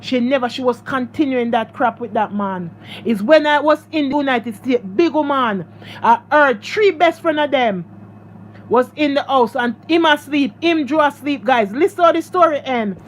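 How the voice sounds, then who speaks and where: A woman's voice: sits high, animated, normal speed, slight background noise. A woman with a Jamaican accent tells a personal story in a vlog, talking emphatically, repeating herself and speaking straight to her viewers. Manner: emphatic and repetitive, addressing viewers directly. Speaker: vlogger.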